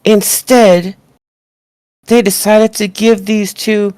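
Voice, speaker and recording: A woman's voice: deep voice, a little slow, no echo. A woman co-hosting a wrestling podcast, ranting casually with lots of swearing and mocking impressions. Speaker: podcast co-host.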